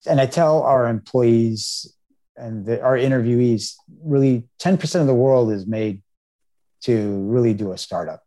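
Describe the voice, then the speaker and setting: A man's voice: mid-range voice, unhurried, dark tone. A middle-aged American man, a startup founder, giving earnest storytelling answers in an interview. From United States.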